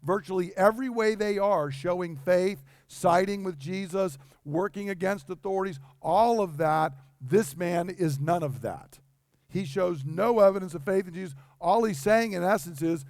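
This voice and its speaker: A man's voice: high-pitched, animated, measured pace, no room sound, studio quality. A man preaching a sermon in a conversational way, acting out the dialogue he quotes. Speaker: pastor.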